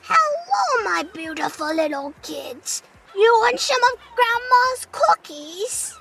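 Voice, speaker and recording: Doting cookie-baking old grandma, put on by a young woman, slow and high. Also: very animated, gravelly, crowd noise, full character voice.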